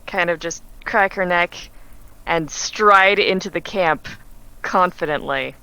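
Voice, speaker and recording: A woman's voice: lowish voice, takes it slowly, pushed and bright, clear, resonant tone, rough recording. A woman playing a tabletop game, describing her character's actions casually. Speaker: player. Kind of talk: casual play.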